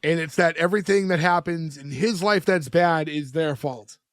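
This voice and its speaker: Young male co-host, slightly high voice, dry close sound, casual recap. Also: moderate pace, no room sound. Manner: recaps scenes, many "like" fillers, acts out quotes. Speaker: podcast co-host. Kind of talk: casual chat.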